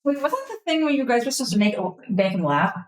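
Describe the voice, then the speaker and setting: A woman's voice: fairly high pitch, wildly swooping pitch, fast. A woman playing a tabletop game in a playful, giggly way. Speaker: player. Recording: roomy echo.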